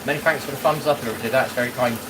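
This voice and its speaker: Very fast and at medium pitch, a streamer talks bluntly to his live chat as he washes up, repeatedly asking whether you know what he means. The background is noisy.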